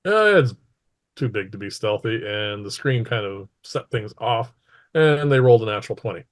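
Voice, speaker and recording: A man narrating a tabletop game as game master, halting with frequent fillers between phrases. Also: lowish voice, animated.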